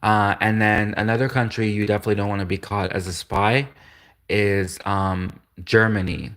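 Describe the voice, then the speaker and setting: Rambling man, low-pitched. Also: little pitch movement, moderate pace, fairly bright tone. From Canada. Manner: chuckles often, stumbles and restarts. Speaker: livestream host. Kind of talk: rambling casual monologue.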